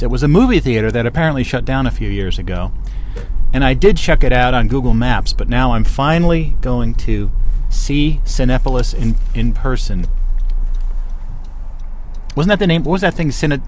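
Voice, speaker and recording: A man's voice: mid-range voice, a little hiss or hum. A man vlogging from his car as he drives, musing aloud and rambling from one thought to the next. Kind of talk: casual narration while driving. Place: in a moving car.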